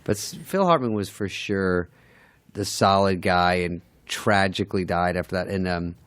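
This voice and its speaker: A middle-aged man with a fairly low voice, telling stories in a dry, wry, self-deprecating way. He is a guest comedian in a casual chat. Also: moderate pace, a bit bright. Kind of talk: casual storytelling with acted quotes.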